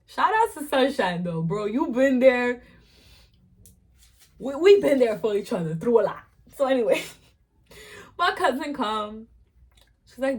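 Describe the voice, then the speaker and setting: Animated, foul-mouthed young woman vlogger. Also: sits high, a little slow, pauses often, husky. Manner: animated, profane, frequent laughter. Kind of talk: storytime while eating.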